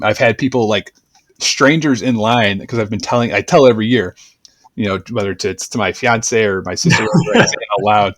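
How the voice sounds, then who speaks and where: A man hosting a podcast, talking in a relaxed, chatty way with lots of fillers. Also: on the low side, no room sound. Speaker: podcast host. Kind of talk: casual podcast chat.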